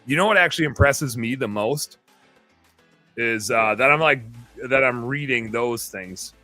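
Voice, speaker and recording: A man's voice: medium pitch, lively intonation, a little slow, bright, forceful tone, dry recording, soft background music. A man in his thirties hosting a podcast, rambling and self-mocking in casual banter. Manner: rambling, self-mocking, reads aloud in a jokey tone. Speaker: podcast host.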